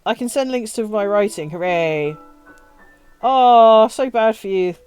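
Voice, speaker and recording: A woman's voice: medium pitch, lively intonation, measured pace, a little mellow, clean tone, faint music behind. A woman live-streaming a game, chatting casually with her viewers, swearing freely and laughing often. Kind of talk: casual live-stream chat while playing.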